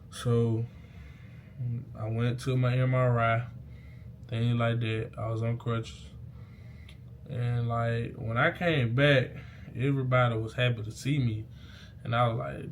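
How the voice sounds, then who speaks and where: A young man, telling a personal story to camera in casual, slangy, animated speech with loud bursts. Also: medium pitch, normal speed, slight background noise. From Mississippi. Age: young adult. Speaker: vlogger. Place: indoors, talking into a mirror.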